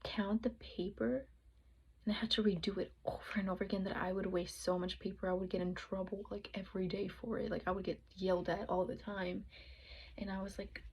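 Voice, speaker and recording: Young woman vlogger, casual rambling storyteller, mid pitch, audible noise behind her. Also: little pitch movement, fairly quick, a little mellow, rough recording. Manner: rambling, many fillers, acts out her own past thoughts. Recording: noticeable background noise.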